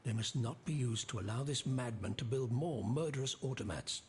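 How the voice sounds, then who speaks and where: A man's voice: medium pitch, moderate pace, darkish tone, a little hiss or hum, lightly acted. A man doing a pompous old-regime minister. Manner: formal, pompous. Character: aristocratic male former royal minister, self-important. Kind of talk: game dialogue.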